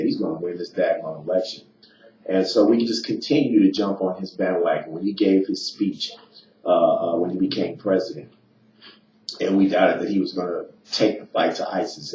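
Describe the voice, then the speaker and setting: A male talk show host delivers an emphatic, rambling political monologue, stumbling over fillers and restarts. His voice sits a little low. The sound is dull and lo-fi with a faint hiss. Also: warm tone. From eastern United States. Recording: roomy, distant, dull, slightly noisy.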